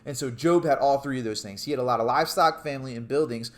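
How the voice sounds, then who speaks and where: A man's voice: mid-range voice, quick pace. A young adult man giving a casual youth sermon as a youth pastor, chatty and joking as he tells stories.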